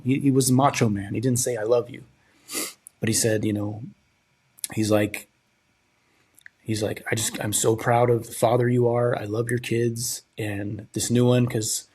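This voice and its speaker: A young man hosting a podcast, telling a personal story in a halting, subdued, grieving way, often trailing off and repeating words. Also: medium pitch, a little mellow, husky. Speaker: podcast host.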